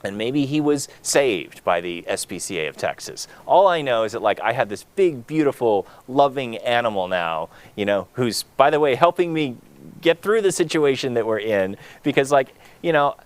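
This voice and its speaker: A man co-hosts a charity gala live, speaking earnestly and heartfelt, though he rambles with many fillers. His mid-range voice has lively intonation at a normal speed, with no room sound.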